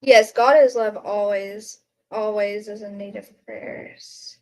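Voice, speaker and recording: A woman's voice: mid-range voice, fairly even intonation, slow pace. A woman hosting a casual livestream, chatting to viewers, reading out their comments and exclaiming at what they send. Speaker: livestream host.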